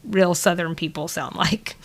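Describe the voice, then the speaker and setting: A woman's voice: lowish voice, normal speed. A woman co-hosting a podcast in casual chat, self-deprecating and giggly, rambling a little as she talks. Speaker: podcast co-host.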